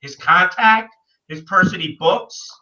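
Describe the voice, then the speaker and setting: A man, co-hosting a casual online show, animated and swearing freely. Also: sits high, measured pace, dull audio. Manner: animated, swears, calls people dude. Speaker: podcast co-host. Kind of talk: casual chat. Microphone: video call.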